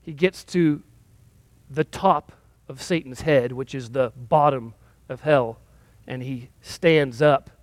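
A man's voice: medium pitch, slow, dry recording. A male pastor giving a sermon in a conversational, self-deprecating storytelling manner.

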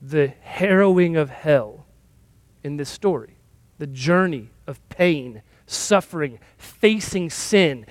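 A man's voice: a little high, animated, slow pace, no room sound. A male pastor giving a sermon in a conversational, self-deprecating storytelling manner.

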